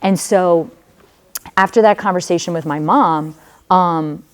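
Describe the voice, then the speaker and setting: A woman's voice: lowish voice, measured pace. A woman, a religious sister, giving a personal testimony to students in a conversational storytelling manner, speaking straight to them with casual fillers.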